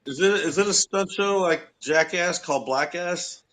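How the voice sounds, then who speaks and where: A male comedian in casual podcast chat, dropping deadpan wisecracks. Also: sits high, moderate pace.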